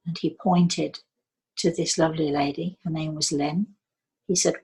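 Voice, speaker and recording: An older woman from England, a psychic medium telling a story in a soft, slow way that dips into near whispers. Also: low-pitched, fairly even intonation, husky, low-quality recording.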